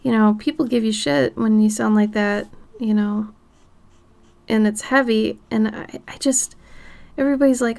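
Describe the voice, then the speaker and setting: A woman in her thirties from Minnesota with a light Minnesotan accent, chatting casually on an art livestream while she draws, sometimes murmuring softly as she works. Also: on the high side, unhurried, vocal fry. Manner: chatty and laid-back, drifting into soft murmurs while working. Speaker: art streamer.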